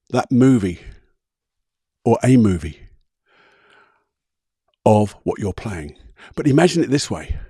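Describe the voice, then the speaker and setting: Husky man coaching. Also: on the low side, a little mellow, no room sound, clean studio sound. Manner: conversational, talks listeners through visualisations step by step. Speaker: podcast host and coach. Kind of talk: solo coaching talk with guided exercises.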